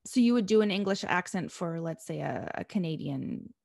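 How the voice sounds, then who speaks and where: Podcast host lady, curious, kinda gravelly, dry sound. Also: lowish voice, animated, a little mellow, dry recording. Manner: curious, quick reactions. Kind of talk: casual interview chat.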